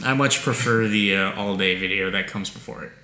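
A man's voice: low-pitched, a little fast, sharp tone, echoey room. A man co-hosting a casual podcast, teasing and joking as he pushes back on his partner. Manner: teasing, jokey back-and-forth. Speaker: podcast co-host. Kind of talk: casual chat.

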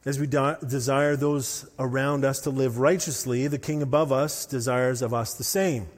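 A man preaching a sermon as pastor, telling stories with animated, rising intensity. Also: mid-range voice, moderate pace. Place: church hall. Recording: long hall reverb.

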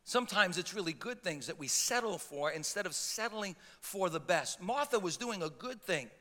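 A man's voice: high-pitched, animated, normal speed, pushed and bright. A man pastor preaching a sermon with impassioned emphasis and frequent stammered restarts. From Italian heritage. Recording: long hall reverb.

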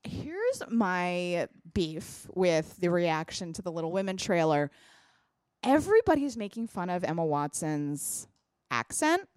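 An animated woman co-hosting a podcast, her pitch leaping around as she gives her opinions in casual chat. She swears now and then. The sound is dry and close to the mic. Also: measured pace, clean tone, no room sound. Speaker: podcast co-host.

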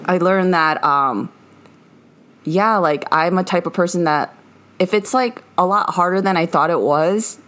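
A woman's voice: on the low side, unhurried, a bit bright. A young woman co-hosting a casual podcast, rambling with lots of fillers and giggles. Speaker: podcast co-host.

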